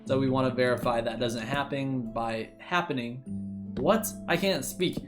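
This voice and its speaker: A young man hosts a laid-back let's-play for his gaming channel, joking, rambling and correcting his own slips. His voice is mid-range at normal speed, with music playing behind it.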